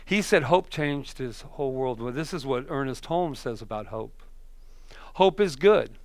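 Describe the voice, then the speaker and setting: A man giving a sermon as a minister, telling stories in a conversational, animated way with hesitations and restarts. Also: medium pitch, normal speed, no room sound. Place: church.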